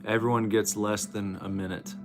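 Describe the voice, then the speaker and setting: A man's voice: fairly low pitch, level tone, moderate pace, over music. A man hosting a livestream, chatting casually and joking playfully. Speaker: streamer host.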